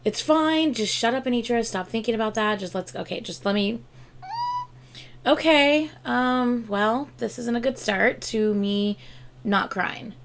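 A woman's voice: fairly high pitch, unhurried, slight background noise. A tired woman hosting a reaction video, talking casually, swearing freely and singing along.

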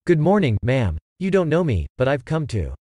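A man's voice: a little high, huge pitch swings, normal speed, dark tone, no echo, clean studio sound. Man doing an earnest, chatty baby photographer. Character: earnest, long-winded male baby photographer.

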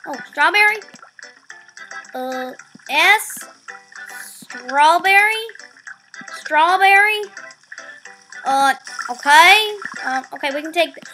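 A female gamer giving excitable let's play commentary, often stumbling over her words. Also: very high voice, slow pace, pauses often, soft background music.

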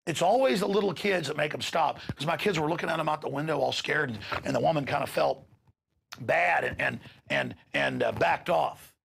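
A man's voice: fairly high pitch, brisk, creaky, fairly bright tone, slight background noise. A man hosting a talk show, giving an impassioned, ranting monologue and acting out quoted exchanges.

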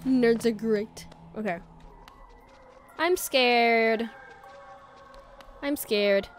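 A woman's voice: fairly high pitch, extremely slow. A woman streaming a video game, chatting along and bursting into startled shrieks. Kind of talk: live gameplay commentary. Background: faint game music.

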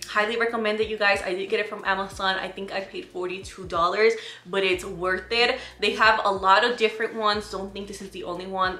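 A bright, clear-voiced young woman from Puerto Rico chats her way through a haul, keeping her viewers in the conversation. Her talk is easy and casual. The room around her rings with a noticeable echo. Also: medium pitch. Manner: chatty, keeps addressing viewers as "you guys". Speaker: vlogger. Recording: echoey room.

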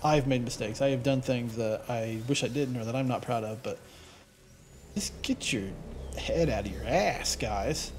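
A man talking over his gameplay in an easygoing, meandering way, with a voice of ordinary middle pitch for a man. He drifts from the game into stories and opinions, earnest and loose with the odd swear word. A faint hiss of noise sits under his voice. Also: normal speed. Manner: rambling, chatty, wanders off on tangents. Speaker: let's play gamer. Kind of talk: casual gameplay commentary.

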